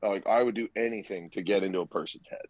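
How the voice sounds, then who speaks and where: This former college hockey player talks fast in a lowish voice, animatedly voicing the characters in his anecdotes during a relaxed podcast conversation. The recording is dry, with the high frequencies cut off.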